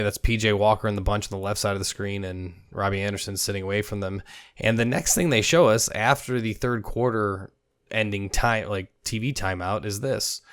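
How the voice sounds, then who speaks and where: A man's voice: on the low side, a bit bright. A man hosting a football video, chatting casually over game clips and laughing now and then as he guesses what players said. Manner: chatty, laughs while narrating, guesses at quoted lines.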